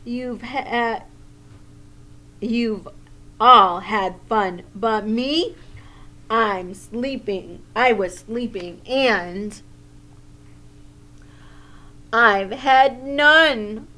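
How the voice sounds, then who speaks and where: A woman voicing a big, sleepy male bear in a storybook, sulky and complaining, with drawn-out words. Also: a little high, pushed and bright, full character voice.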